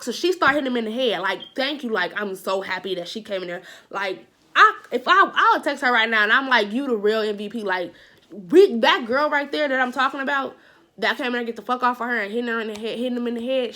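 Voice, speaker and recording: A woman's voice: on the high side, sharp tone. A woman vlogger telling a personal story in a casual monologue, repeating phrases for emphasis and saying "like" a lot. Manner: heavy use of "like" as a filler.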